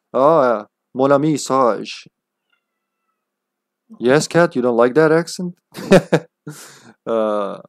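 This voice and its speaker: A man's voice: mid-range voice, darkish tone, no room sound. A man streaming a video game live, chatting casually and laughing often, swearing now and then.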